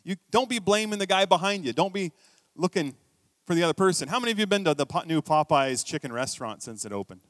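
A middle-aged man preaching a sermon as a pastor, telling stories in a conversational way, with quiet asides and sudden emphatic bursts. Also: sits high, animated, fast, no room sound, clean studio sound.

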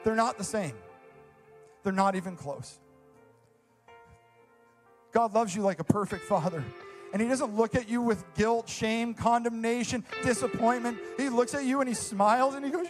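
A man's voice: extremely high pitch, moderate pace, pauses often, faint music behind. A young man preaching a sermon as a youth pastor, earnest and enthusiastic, repeating phrases for emphasis.

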